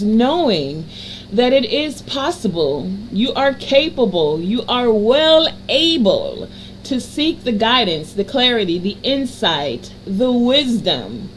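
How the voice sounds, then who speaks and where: A woman with a fairly high voice gives a card reading in a soothing, affirming tone. She piles up phrases in gentle repetitive lists and slows down on the words she wants to land. A faint hum of noise sits behind her. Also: rough recording. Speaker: energy reader and healer. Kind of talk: tarot card reading for a general audience.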